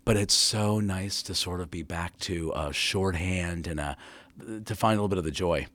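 A man with a lowish voice talks in easy, excited podcast chat. He laughs and acts out quotes from scenes. The sound is dry and close. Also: moderate pace, no echo. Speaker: actor guest.

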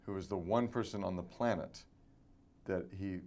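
A man appearing as a guest actor on a podcast, explaining things in a thoughtful, measured way. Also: low-pitched, darkish tone. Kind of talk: casual chat.

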